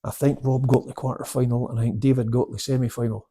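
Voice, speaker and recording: An older man, a karate instructor, casually telling anecdotes and acting out both sides of the dialogue in sudden loud bursts. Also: medium pitch, little pitch movement, quick pace, husky. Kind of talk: casual storytelling chat.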